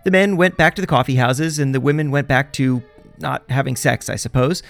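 A man's voice: medium pitch, brisk, gravelly, faint music behind. A man hosting a podcast, narrating a scripted history story in a wry, jokey way. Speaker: podcast host.

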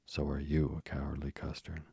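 Pompous blustering father from a storybook, read by a man, dark husky low voice. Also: monotone, normal speed, no echo, exaggerated voice. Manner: huffy, blustering and childish. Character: pompous proud father, sulking over medicine.

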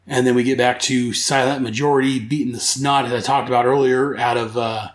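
A man's voice: medium pitch, steady tone, brisk, echoey room. A man hosting a podcast, recapping comics casually in a rambling, enthusiastic way that corrects itself as he goes. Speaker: comic book podcast host.

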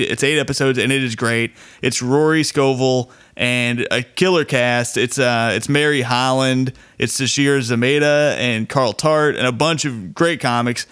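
A man's voice: medium pitch, fairly bright tone, clean tone. A man hosting a comedy podcast in a laid-back, chatty way with playful asides. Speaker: podcast host. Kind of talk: casual show hosting.

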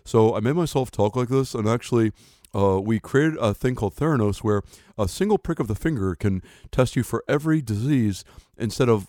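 A woman startup founder forces her voice into a low, businesslike drone and sounds defensive about it, as a man puts her on for laughs. The sound is dry, with no room around it. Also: a little mellow, no echo, natural voice. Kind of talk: comedic impression.

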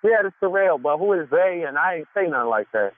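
A man's voice: fairly high pitch, lively intonation, a little fast. A man taking a phone call at work in a factory, defensive and profane, repeating himself. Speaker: prank call target. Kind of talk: heated phone argument. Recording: noisy tinny phone line.

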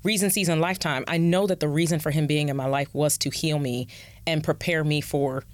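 A woman's voice: sits low, fairly even intonation, fairly quick, dry recording. A woman telling a personal story in a casual chat. She laughs often and talks in a loose, heartfelt way. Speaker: guest.

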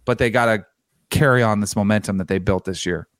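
A man's voice: on the low side, a little fast, no room sound, clean studio sound. A man co-hosting a sports podcast, easygoing and thinking aloud. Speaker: podcast co-host. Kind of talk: casual sports chat.

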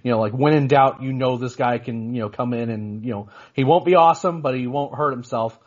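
Quick rambling guy cohosting a sports podcast, husky voice, kinda muffled lo-fi sound. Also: mid-range voice. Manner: rambling, many restarts and "you know"s. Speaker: podcast co-host. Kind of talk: casual sports podcast chat.

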